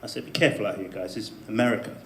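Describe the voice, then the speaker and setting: A man telling a personal story to a live audience in a debate speech, animated, with laughing asides and emphatic peaks. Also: fairly low pitch, very fast, a little hiss or hum. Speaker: debate speaker. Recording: echoey room with faint ambience.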